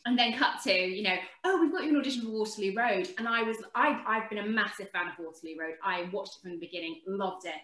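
A woman, telling a lively anecdote as a guest and acting out the quotes. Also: mid-range voice, fast, few pauses, reverberant, poor audio. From England. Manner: animated storyteller, acts out quotes. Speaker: actress guest.

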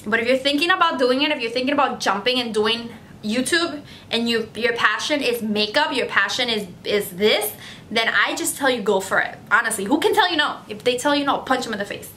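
A woman's voice: a little high, lively intonation, brisk, pushed and bright, a little hiss or hum. A woman beauty vlogger chatting casually to camera, effusive and gushing, often repeating herself. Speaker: beauty vlogger answering fan questions.

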